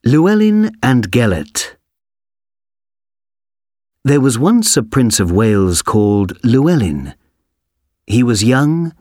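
A man reading a story aloud for a language textbook, slowly, clearly and expressively. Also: medium pitch, a little mellow, dry recording, studio quality. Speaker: audio reader for a textbook. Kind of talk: scripted storybook narration.

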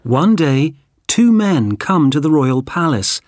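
Man reading a textbook story, really slow and lively, dry studio mic. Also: fairly high pitch, no room sound. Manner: slow, clear, expressive storytelling. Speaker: narrator. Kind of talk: scripted narration of a textbook story.

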